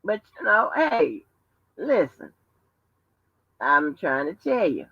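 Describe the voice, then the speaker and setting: A woman rants to her livestream viewers in a profane, emphatic way, her voice swinging widely between high and low. Her tone is bright and forceful. The sound is dry and dull, like lo-fi stream audio. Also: slow, gravelly, pauses often, no echo. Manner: animated, profane, emphatic storytelling. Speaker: livestream host. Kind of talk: casual livestream rant.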